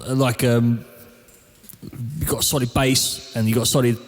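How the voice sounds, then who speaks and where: A man with an Essex accent hosts a casual music podcast, musing in a relaxed, reflective way. His mid-pitched voice sits in a room with a long reverb tail. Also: moderate pace. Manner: relaxed, reflective, searches for words. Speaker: podcast host. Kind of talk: casual interview chat.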